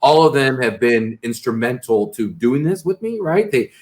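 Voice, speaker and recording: A man's voice: medium pitch, very animated, moderate pace, a little mellow. A man hosting a casual interview, rambling with many restarts and tag questions. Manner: rambling, frequent restarts and "right?" tags. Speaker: interview host.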